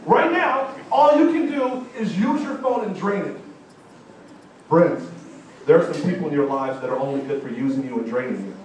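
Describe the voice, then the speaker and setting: High-voiced man giving an animated speech. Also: normal speed, background noise. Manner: animated storytelling with audience call-outs. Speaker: motivational speaker. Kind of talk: live motivational speech. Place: large college event hall. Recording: echoey hall, distant mic.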